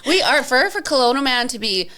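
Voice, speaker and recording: A woman's voice: high voice, very animated, brisk, bright, forceful tone. Wry, swearing woman podcast co-host. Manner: wry, self-deprecating, swears freely. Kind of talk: casual chat.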